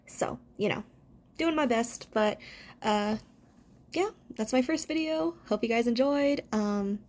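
A woman doing amateur audiobook narration, gentle and unpolished, with small stumbles. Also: a little high, slow pace.

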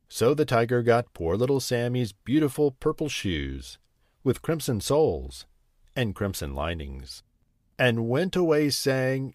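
A man reading a children's bedtime story aloud in a gentle, measured way. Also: medium pitch, very animated, dry recording, clean studio sound.

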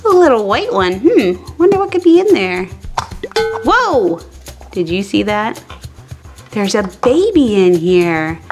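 A woman hosting a toy channel, narrating pretend doll play in a playful, gushing way. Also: on the high side.

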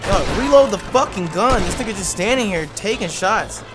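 A man's voice: high-pitched, animated, normal speed. A man hosting a let's play, talking casually, swearing and calling everyone "dog" as he plays. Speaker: gaming host. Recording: over loud game music.

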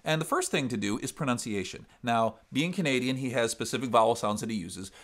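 A man with an upper Midwest American accent and a resonant voice, explaining singing technique step by step in a vocal lesson. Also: fairly low pitch. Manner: explains step by step, breaks into sung demonstrations. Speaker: singer and vocal coach.

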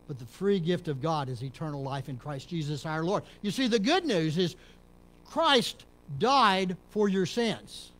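Texan pastor preaching with dramatic swings. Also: male voice, a little hiss or hum. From Texas. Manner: swings from low murmurs to loud emphatic peaks. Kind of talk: sermon. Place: church sanctuary.

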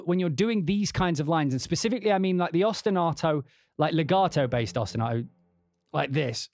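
A man casually walking through a sample library on a livestream, rambling and humming rhythms aloud as he plays at his keyboard. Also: a little high. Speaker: composer demonstrating a sample library. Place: home studio at a keyboard.

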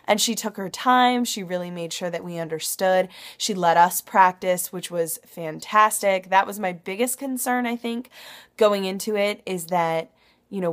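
Woman, young adult, video diary, emotional, halting, grateful, at home. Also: lowish voice. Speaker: vlogger.

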